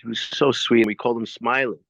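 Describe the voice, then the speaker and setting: A man's voice: mid-range voice, fairly quick, vocal fry, dry recording. A middle-aged man, an actor being interviewed, telling anecdotes casually and acting out the lines. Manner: animated anecdotes with acted-out quotes. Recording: dry, slightly dull sound.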